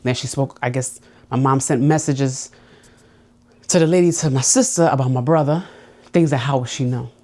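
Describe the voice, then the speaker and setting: Her pitch is extremely low and her tone warm as she speaks at a moderate pace. The woman hosts a personal podcast where she reflects on personal growth, confiding and heartfelt, occasionally becoming emotional.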